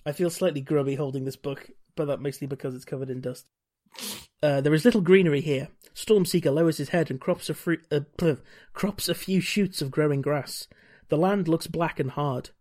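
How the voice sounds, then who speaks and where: A man's voice: fairly high pitch, normal speed, a little mellow. A man hosting a podcast, reading a gamebook aloud with wry, joking asides and frequent laughter. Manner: wry, laughs often, reads narration steadily.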